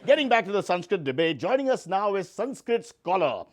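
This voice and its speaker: Animated man hosting a comedy show. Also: high-pitched, fairly quick. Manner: animated, mock-indignant. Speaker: host.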